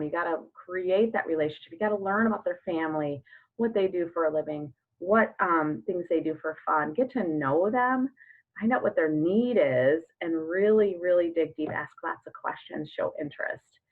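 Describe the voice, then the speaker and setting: A woman's voice: lowish voice, animated, moderate pace. A woman in her thirties coaching in a chatty way, full of fillers and acted-out sample chats. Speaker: network marketing coach. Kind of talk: casual coaching talk. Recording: phone-like narrow sound.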